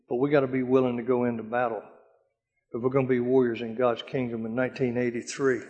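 An older man giving a dramatic sermon-style testimony, telling stories from his past with a hushed voice during the prayers. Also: mid-range voice, breathy edge. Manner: dramatic storytelling, drops to a hush for prayers. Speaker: speaker telling war stories. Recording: long hall reverb.

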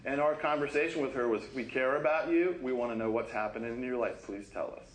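A man preaching a sermon in a conversational, animated way, acting out quoted voices and laughing often. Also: medium pitch, fast, roomy sound, slight background noise, rough recording. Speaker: pastor. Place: church sanctuary.

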